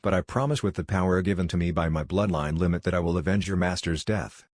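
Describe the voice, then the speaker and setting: A man's voice: deep voice, quick pace, a little mellow, no room sound, clean studio sound. A man voicing a determined, loyal young male ninja hero in an earnest manner.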